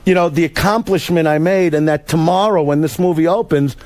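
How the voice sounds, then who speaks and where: A man's voice: fairly high pitch, fairly quick, a little mellow. A male comedian talks in a slightly raised voice, rambling and restarting as he gets emotional. The studio sound is close and dry, with no room echo. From United States. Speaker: guest comedian. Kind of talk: casual studio chat.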